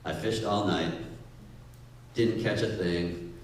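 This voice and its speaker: A man voicing an exhausted, skeptical fisherman in a low, sarcastic grumble. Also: fairly even intonation, slow pace, a little hiss or hum. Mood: grumbling. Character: grumbling, bone-tired male fisherman. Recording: echoey hall, distant mic.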